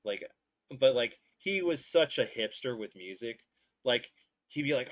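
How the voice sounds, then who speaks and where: A man's voice: mid-range voice, a little slow. A man hosting a podcast livestream, chatting casually, greeting viewers and commenting on a game. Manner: relaxed, greets chat, laughs often.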